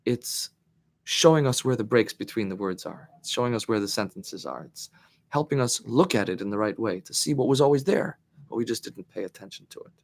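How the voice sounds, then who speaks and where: A man's voice: on the low side, expressive, a little fast, vocal fry. A man teaching a Torah class as its rabbi, thinking aloud, often restarting phrases and leaning hard on key words. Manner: thoughtful, searching for words, emphatic on key phrases; answers questions from the class.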